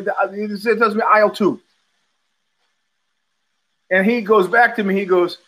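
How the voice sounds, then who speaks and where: A man's voice: sits high, unhurried, pauses often, bright, forceful tone, poor audio. An older man hosting a podcast, telling a rambling story with many fillers and restarts, acting out the people he quotes. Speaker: podcast host. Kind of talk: casual storytelling monologue.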